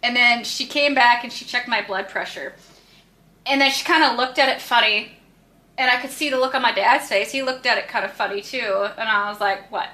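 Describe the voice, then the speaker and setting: A woman's voice: on the high side, fairly quick, sharp tone, roomy sound. A young woman co-hosting a podcast, telling a blunt story, swearing freely and acting out the voices of people she quotes. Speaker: podcast co-host. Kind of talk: casual storytelling.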